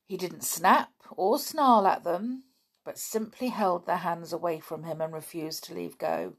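A woman reading a children's story aloud, gentle and expressive. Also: measured pace, breathy edge. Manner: gentle, expressive, raises pitch for children's voices.

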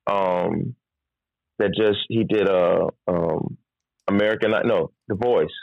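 A singer from Virginia telling stories on a podcast. He does the voices of the people in them and keeps breaking into high, disbelieving outbursts. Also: takes it slowly, creaky, highs cut off. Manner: animated, mimics people, jumps into incredulous high-pitched outbursts. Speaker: singer and recording artist. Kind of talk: casual podcast storytelling.

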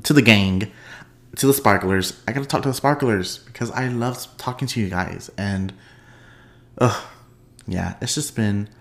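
A man hosting a solo podcast in a bubbly, unscripted chat, sleepy at the end of a long day, laughing often and swinging his pitch up for playful asides. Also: moderate pace, long pauses. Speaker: podcast host.

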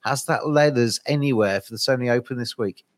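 A man with an English accent hosting a golf betting podcast, relaxed and joking as he reads out odds. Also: mid-range voice, a little fast. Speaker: podcast host. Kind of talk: casual podcast chat.

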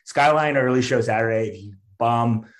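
A man with a medium-pitched voice and a regular pace, a stand-up comic on as a guest, recounts a tale in relaxed chat. His delivery is lively and full of fillers and restarts, with frequent laughs and acted-out quotes.

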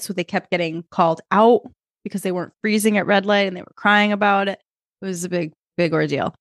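A woman in her thirties, co-hosting a podcast and telling a lively story in a casual chat. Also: mid-range voice, creaky, no echo, clean studio sound. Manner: animated storyteller, acts out kids and herself. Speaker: podcast co-host.

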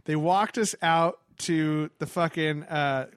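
Man, casual storyteller, higher voice, animated and gushing, dry close sound. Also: clear, resonant tone, no echo. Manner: animated, fast with many fillers and restarts.

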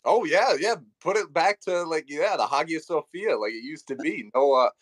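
A young man chats as a podcast guest, easygoing and full of little fillers. His pitch moves up and down a lot. The sound is dry and close, with no room echo. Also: normal speed. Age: young adult. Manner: lively, easy storyteller with fillers. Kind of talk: casual chat.

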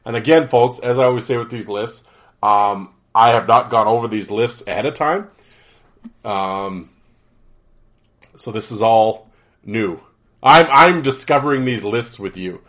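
A man's voice: medium pitch, unhurried, pauses often, fairly bright tone. A man hosting a casual solo podcast, his voice nasal and stuffed up from allergies, rambling with many fillers and restarts. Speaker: podcast host.

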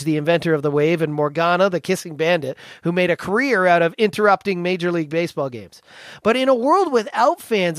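Upbeat man hosting, high voice. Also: no echo, studio quality. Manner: upbeat, hyping up the guest. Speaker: podcast host. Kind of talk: scripted host introduction and interview.

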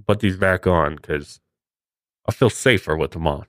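A man's voice: low-pitched, measured pace, fairly bright tone, dry recording, studio quality. A man hosting a comedy podcast, telling a paranormal story with mock-dramatic flair. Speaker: podcast host.

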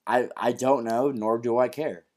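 Male podcast co-host, casual recap chat, animated, curses a lot. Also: mid-range voice, a little slow. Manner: animated, swears freely, acts out quotes loudly.

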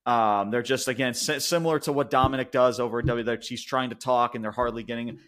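A man's voice: medium pitch, steady tone, fast. Ranting, swearing man reviewing wrestling. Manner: profane, ranting, swings from loud outbursts to mutters. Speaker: podcast co-host. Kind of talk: casual wrestling review chat.

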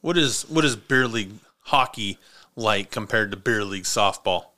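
A man's voice: on the low side, expressive, normal speed, pushed and bright. A man hosting a casual podcast from a small studio, joking and swearing freely as he rambles through stories. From Montana. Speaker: podcast host. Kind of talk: casual chat.

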